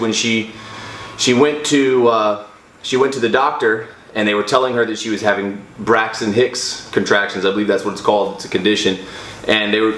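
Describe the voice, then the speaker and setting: A man's voice: lowish voice, fairly bright tone. A young man, a fitness vlogger, telling a personal story in a casual, rambling way with many restarts and fillers. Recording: echoey room.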